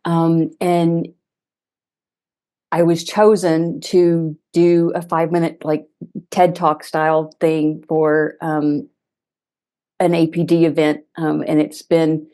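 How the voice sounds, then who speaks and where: Woman participant, mellow lower voice, rambling conversational delivery full of ums. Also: little pitch movement, slow. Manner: chatty, lots of fillers and restarts. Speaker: participant, administrative professional. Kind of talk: casual group discussion.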